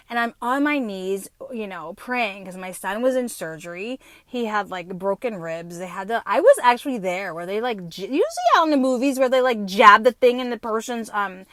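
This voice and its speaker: A woman in her fifties hosts her podcast, telling a personal story bluntly and profanely with plenty of fillers. Her voice is on the high side and a bit bright, with no room sound.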